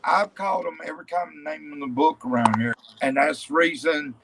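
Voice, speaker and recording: A man's voice: on the high side, a little fast, very noisy. A man in casual chat, arguing his point insistently. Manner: argumentative, insistent.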